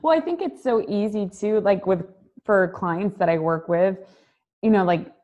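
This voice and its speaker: A woman's voice: mid-range voice, moderate pace, dark tone, lo-fi sound. A woman dietitian hosting a podcast, chatting casually and laughing along with her guest.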